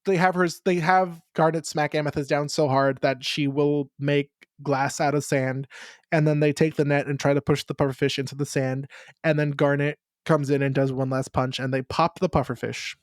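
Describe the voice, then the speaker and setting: A woman co-hosting a podcast, recapping an episode in laid-back chat with casual swearing and deadpan asides. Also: low-pitched, moderate pace, no echo, clean studio sound. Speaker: podcast co-host.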